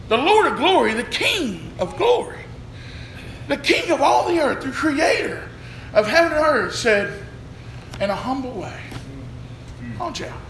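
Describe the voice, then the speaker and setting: A man preaching a sermon, swinging between shouts and hushed tones. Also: very high voice, gravelly. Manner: shouts and drops to a hush, preacher cadence. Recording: echoey room with faint noise.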